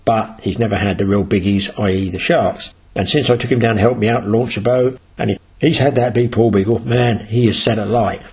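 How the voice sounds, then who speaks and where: Husky older British man boasting about fishing. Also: fairly low pitch, fairly even intonation, brisk, few pauses, a little mellow. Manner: rambling, boastful storyteller. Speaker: sea angler. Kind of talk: casual spoken anecdote.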